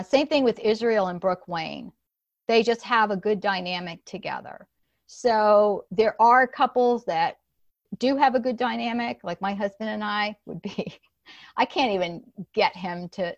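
A woman's voice: mid-range voice, dry recording. A middle-aged woman hosting a podcast, chatting casually and rambling through fillers and restarts. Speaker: podcast host. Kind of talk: casual chat. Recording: dull, dry lo-fi recording.

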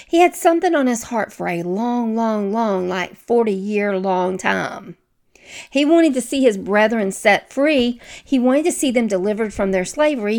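Chatty Southern woman teaching Scripture. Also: on the high side. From American South. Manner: warm, chatty asides to listeners, self-deprecating. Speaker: Bible teacher. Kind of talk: conversational Bible teaching.

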